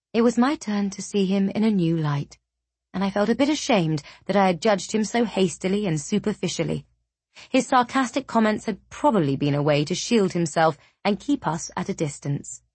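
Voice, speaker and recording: A woman narrating a first-person novel in a measured, even audiobook reading. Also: mid-range voice, breathy edge, no echo.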